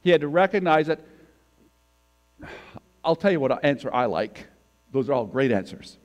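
A man's voice: mid-range voice, very animated, normal speed. A man giving a sermon as a guest preacher, talking in a conversational way and putting questions to the congregation. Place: church sanctuary.

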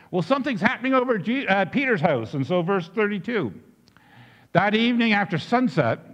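A man preaching a sermon, telling the story in an animated way with frequent restarts. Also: high voice, in a large hall, lo-fi sound. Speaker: pastor.

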